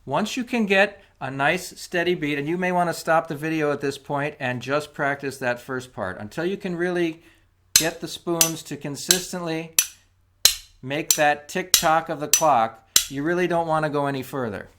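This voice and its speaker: A man's voice: a little high, normal speed, very noisy. Patient man teaching a lesson. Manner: patient, counts beats aloud while demonstrating. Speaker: music teacher. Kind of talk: instructional video lesson. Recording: clicking spoons heard behind. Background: clicking of spoons.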